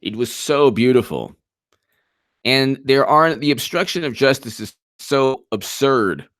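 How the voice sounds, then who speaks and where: A man hosting casual live political commentary, sarcastic and animated, often restarting mid-sentence. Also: mid-range voice, measured pace, dry recording, studio quality.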